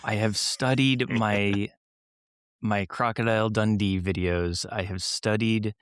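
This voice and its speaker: A relaxed male podcast co-host in playful banter. His voice is low in pitch and recorded close and dry. He keeps the chat light and easygoing. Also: measured pace, clean tone, no echo. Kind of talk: casual chat.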